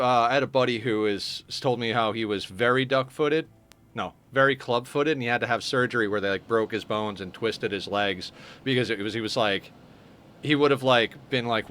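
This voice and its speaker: A man's voice: fairly low pitch, moderate pace, fairly bright tone, a little hiss or hum. A man streaming a game live, chatting casually and answering his viewers as he plays. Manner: chatty, answers viewer chat while playing.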